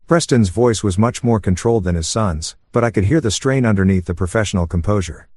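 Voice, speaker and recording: Calm low-voiced male storyteller. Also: brisk, hardly any pauses, no echo, studio quality. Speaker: narrator. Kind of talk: story narration for sleep.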